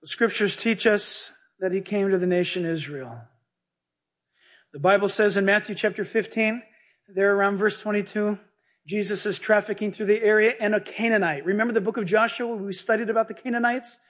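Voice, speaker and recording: A male pastor preaching a sermon, animated and joking as he retells scripture stories. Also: high-pitched, brisk. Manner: animated, jokey, storytelling preacher.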